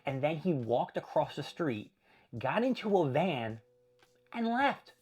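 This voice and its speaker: A young adult man hosting his own show, telling a story in a casual, animated way, swearing and acting out his own panicked shouts. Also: a little high, unhurried, slightly rough. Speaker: podcast host.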